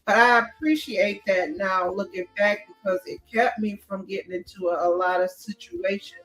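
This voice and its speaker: A woman's voice: mid-range voice, normal speed, a bit bright, faint music behind, rough recording. A middle-aged woman guest earnestly recounting her own experience with her mother. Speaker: guest co-author. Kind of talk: personal storytelling.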